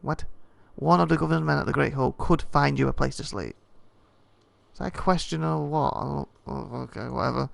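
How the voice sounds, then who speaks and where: A man's voice: on the high side, a little fast, gravelly, no room sound. A man playing a video game and reading its text aloud, tripping over names and adding joking asides. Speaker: let's play host.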